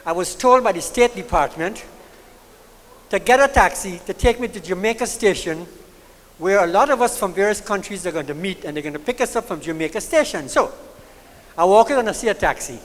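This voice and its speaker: A middle-aged man from Guyana with a Guyanese accent, doing animated stand-up storytelling with Creole-tinged grammar on a comedy club stage. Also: sits high, a little fast. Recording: long hall reverb, live archive recording.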